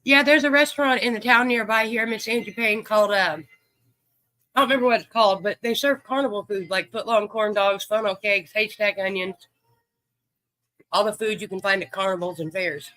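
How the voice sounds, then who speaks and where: A man's voice: sits high, a little fast, bright, forceful tone, no room sound, poor audio. A man hosting a livestream, chatting easily with viewers and greeting them by name. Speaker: livestream host. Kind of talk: casual chat with viewers.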